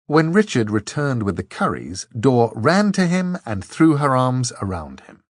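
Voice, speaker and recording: A man narrating an audiobook in a measured, expressive way. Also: medium pitch, dry recording, studio quality.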